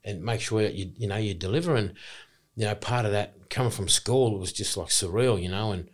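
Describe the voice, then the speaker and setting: An Australian man in his forties, a former rugby league player telling his story in an excitable, rambling, emphatic way as a podcast guest. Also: on the low side, brisk. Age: 40s. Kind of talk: casual podcast interview.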